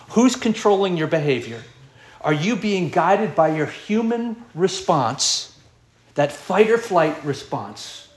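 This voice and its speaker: Male preacher, somewhat high voice, earnest sermon with rhetorical questions. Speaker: pastor.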